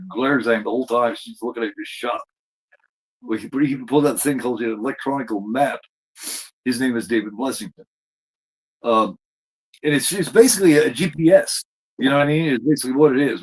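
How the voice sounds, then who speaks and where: A man's voice: mid-range voice, slightly rough, rough recording. A man casually recapping a TV episode as a podcast co-host, rambling with lots of fillers and restarts.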